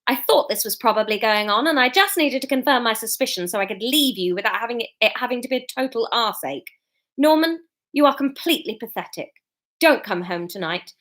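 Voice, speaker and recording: A woman's voice: on the high side, a bit bright. A woman voicing a scornful wife who coldly tells her cheating husband she is leaving him. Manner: cold, cutting.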